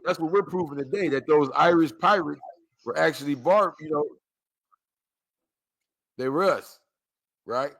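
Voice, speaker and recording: A man hosting a laid-back reaction chat, his voice gravelly with a steady fry underneath. He talks loosely and jokes around, slipping into preachy asides. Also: fairly high pitch, a little slow, pauses often. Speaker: podcast host.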